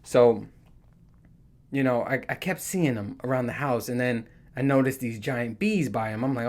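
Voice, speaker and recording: A man's voice: mid-range voice, moderate pace. A man from New Jersey telling rambling, profane stories in a casual vlog, full of fillers like "you know" and "right?". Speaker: vlogger.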